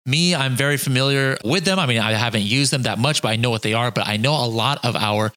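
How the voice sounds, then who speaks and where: Bright-voiced chatty male podcast host. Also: mid-range voice. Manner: joking, loose, chatty with quick restarts. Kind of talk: casual interview chat.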